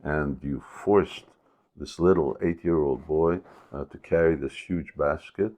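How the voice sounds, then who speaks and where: A man's voice: a bass voice, unhurried, darkish tone. A man voicing an indignant, scolding wife in a spoken story.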